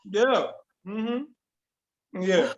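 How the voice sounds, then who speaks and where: A man's voice: high voice, very animated, drawn-out words, muffled recording. A man chatting playfully as a guest on a podcast, laughing often and drawling his words. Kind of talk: casual chat.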